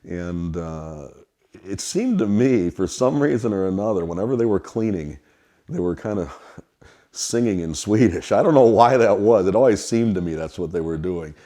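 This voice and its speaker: Speaking at a moderate pace in a low voice, a middle-aged man from Wisconsin, USA, shares relaxed, rambling anecdotes in a storytelling interview. He's a restaurant kitchen worker recalling his childhood at the family restaurant.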